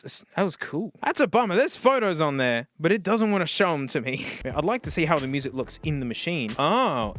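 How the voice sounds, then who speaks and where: A man, reviewing old music players on camera in a casual, excitable way, laughing and talking to the device. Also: high voice. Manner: excitable, animated, laughs often, talks to the device. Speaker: tech YouTuber.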